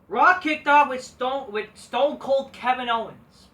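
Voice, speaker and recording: A woman's voice: sits high, measured pace, few pauses, fairly bright tone, distant mic. Exasperated, foul-mouthed woman ranting off-mic. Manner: exasperated, swears constantly, mocks wrestlers in sing-song quotes. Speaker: wrestling show reviewer. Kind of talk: profane ranting commentary.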